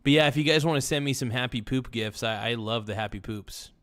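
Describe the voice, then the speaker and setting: This livestream host is a man with a medium-pitched, fairly bright voice who talks briskly. He rambles and jokes with the people in his chat, sometimes chanting silly phrases.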